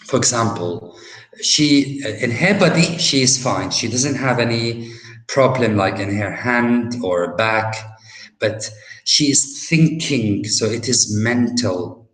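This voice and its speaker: The clip is a rough, reverberant recording of a university lesson in which an Arabic-accented man teaches English vocabulary. His fairly low voice moves slowly and patiently, broken by frequent "uh" pauses, as he explains with everyday examples.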